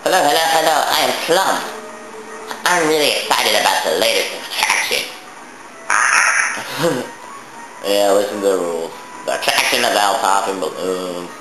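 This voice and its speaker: A man voicing a chirpy, overexcited female parrot who runs a game attraction, in a high sing-song voice. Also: lively intonation, normal speed, pauses often, natural voice. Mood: excited. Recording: echoey room with game music.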